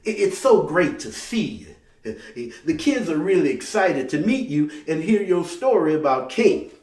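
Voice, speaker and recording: A man's voice: on the high side, sing-song, measured pace, darkish tone, voice pushed up. A man playing a proud, friendly young male teacher who speaks eagerly. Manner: eager, chatty. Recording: roomy sound from a distant mic.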